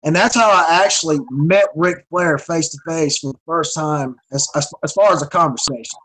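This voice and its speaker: A man in his forties from North Carolina speaks with a fairly high-pitched voice. He tells his story in relaxed, casual chat as an interview guest, stammering and doubling back on words as he gets going. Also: normal speed, poor audio. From North Carolina, USA. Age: 40s. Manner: stammering, repeats words when excited. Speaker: guest, professional wrestler.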